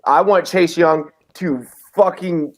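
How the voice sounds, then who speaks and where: Casting: fired-up football fan, slightly high voice, swears freely. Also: male voice, takes it slowly. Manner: profane, excitable, laughs a lot. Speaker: podcast co-host. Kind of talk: casual sports chat.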